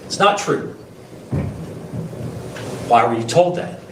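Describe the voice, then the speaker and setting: In a courtroom, a male defense attorney gives the jury his opening statement, emphatic and full of rhetorical questions. His mid-range voice is animated but he takes it slowly. The recording is echoey, with a distant mic and faint hiss.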